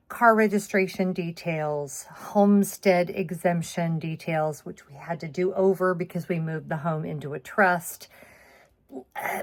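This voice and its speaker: Chatty, expressive woman vlogging at home. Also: on the low side. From United States. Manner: chatty, expressive, animated exclamations. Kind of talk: casual vlog chat to camera. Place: home, indoors.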